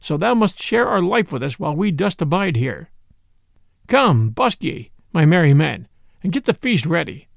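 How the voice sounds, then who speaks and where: A man voicing a jolly outlaw leader who speaks with slow, mock-solemn gravity. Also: a little high, big pitch swings, creaky, dry recording, studio quality. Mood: mock-grave.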